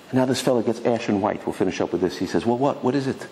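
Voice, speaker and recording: A man, a rabbi, telling a story to his congregation in a lively sermon style, acting out the voices of the people in it. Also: medium pitch, racing, few pauses, slight background noise. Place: synagogue hall. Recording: long hall reverb, faint ambience.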